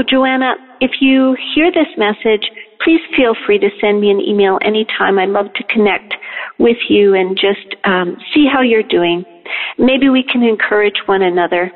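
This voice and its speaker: A woman from Canada leaving a phoned-in message, gently and caringly asking after others. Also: fairly high pitch. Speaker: caller. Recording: tinny phone line with long reverb.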